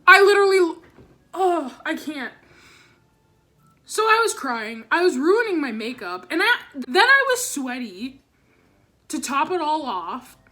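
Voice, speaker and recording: High bright young woman storytime vlogger. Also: a little slow, pauses often. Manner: animated, swearing, dramatic re-enactments. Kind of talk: storytime vlog.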